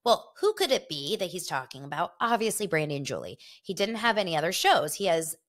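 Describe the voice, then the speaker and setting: Woman, podcast host; loose gossipy chat, slightly low pitch, rambling delivery. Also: sing-song, a little fast. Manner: chatty, rambling, talks to listeners directly.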